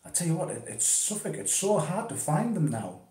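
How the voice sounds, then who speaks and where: A man's voice: fairly high pitch, big pitch swings, a little fast, mellow. Laid-back man in an echoey room. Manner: chatty, laid-back, swears casually. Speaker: interviewee talking about pipe smoking. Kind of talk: casual chat. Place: conservatory at home.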